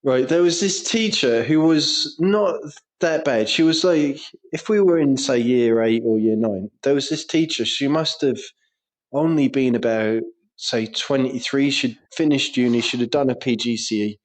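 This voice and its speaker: A man's voice: mid-range voice, moderate pace. An Englishman with a crude, sweary way of talking, telling school stories in casual podcast banter and laughing through them. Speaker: podcast co-host.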